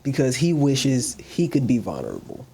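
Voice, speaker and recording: A man hosting a reaction commentary video, talking earnestly and sometimes softly to his dog. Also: medium pitch, wildly swooping pitch, normal speed, gravelly, breathy edge. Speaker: commentary channel host.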